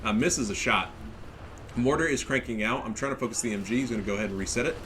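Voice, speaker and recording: A man's voice: mid-range voice, fast talker, a bit bright, slight background noise. A man with a stuffy nose giving casual, profane and cocky commentary on a strategy game match. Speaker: game caster.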